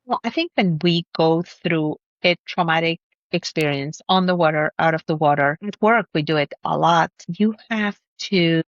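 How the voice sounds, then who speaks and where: Middle-aged woman doctor, calm and measured, dry, slightly dull remote sound. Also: deep voice, dry recording. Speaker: doctor guest. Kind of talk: interview conversation.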